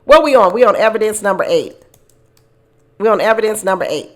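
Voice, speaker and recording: Animated woman reacting to reality show. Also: medium pitch, fast. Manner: animated, acts out quotes, laughs often. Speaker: commentary channel host. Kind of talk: casual reality-show commentary.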